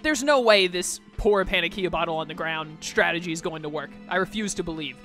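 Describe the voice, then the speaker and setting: A woman's voice: lowish voice, brisk, a bit bright, faint music behind. A woman giving casual commentary over a video game playthrough, with wry, sarcastic asides. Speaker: let's play gamer.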